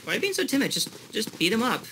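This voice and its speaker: A man's voice: very high-pitched, very animated, very fast, background noise. A young adult man coaching his father through a video game with short, patient instructions. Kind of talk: casual gaming coaching.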